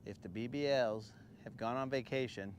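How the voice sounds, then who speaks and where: A man hosting a casual fishing livestream outdoors on a boat on a lake, relaxed and slangy, chatting to viewers and coaxing the fish. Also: mid-range voice, normal speed, slight background noise. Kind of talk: casual live-stream chat while fishing. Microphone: phone camera on the boat.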